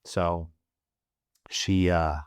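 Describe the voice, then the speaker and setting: A man from the United States, a Marine veteran guest on a podcast, telling a personal story candidly, with heavy swearing, fillers and halting restarts, choked up and teary. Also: low-pitched, little pitch movement, smooth, dry recording, studio quality. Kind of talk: emotional storytelling in a podcast interview.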